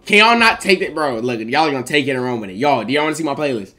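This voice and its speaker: A young man streaming live, reacting in a casual, rambling way, protesting over and over with excitable energy. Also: medium pitch, racing.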